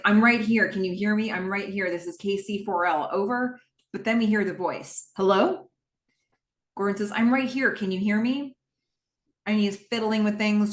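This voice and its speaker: A woman's voice: lowish voice, fairly bright tone, roomy sound. A woman hosting a podcast, casually recapping a TV episode scene by scene in the present tense, with frequent "um"s. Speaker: podcast host.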